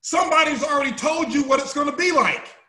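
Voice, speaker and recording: A man founding a company gives an emphatic motivational speech to a live audience, repeating himself for effect and bursting into shouts. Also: very high-pitched, quick pace, reverberant. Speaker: company founder speaking to his team.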